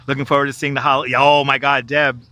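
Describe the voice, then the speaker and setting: This man's medium-pitched voice is bright and forceful, recorded with no echo through a wireless clip-on mic. He's live-streaming a walking commentary outdoors by the river in Manhattan, joking, laughing plenty and talking to viewers.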